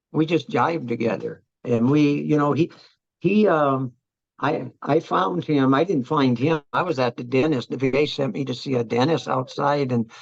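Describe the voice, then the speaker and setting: Older veteran interviewee, gravelly, reflective, halting delivery, dull close recording. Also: male voice, medium pitch, no room sound. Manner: halting, reflective, many restarts. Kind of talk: oral history interview.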